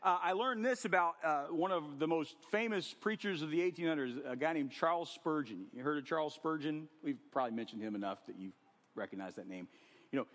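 A man preaching a sermon to a congregation, animated and conversational, acting out scenes with sudden swings in loudness. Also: on the high side, brisk. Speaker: pastor. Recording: long hall reverb.

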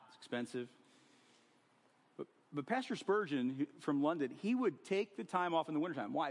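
A man preaching a sermon to a congregation, animated and conversational, acting out scenes with sudden swings in loudness. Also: medium pitch. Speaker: pastor. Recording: long hall reverb.

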